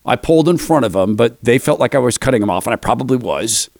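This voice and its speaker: A man's voice: mid-range voice, animated, fast, vocal fry, darkish tone, dry recording, studio quality. An older man hosting a commentary show, telling a self-deprecating story between clips.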